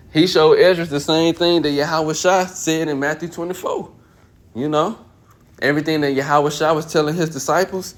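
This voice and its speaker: A man teaching from scripture. He reads verses aloud slowly, then explains them in loose, everyday slang. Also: medium pitch, a bit bright. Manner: slow and deliberate when reading scripture. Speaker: Bible teacher. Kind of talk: casual scripture reading and commentary.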